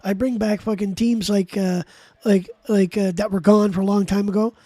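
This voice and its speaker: A man's voice: high voice, level tone, normal speed, warm tone, dry recording. A man streaming live, ranting in a heated, profane, rambling way to his chat. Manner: rambling with frequent restarts. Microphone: desk mic while gaming.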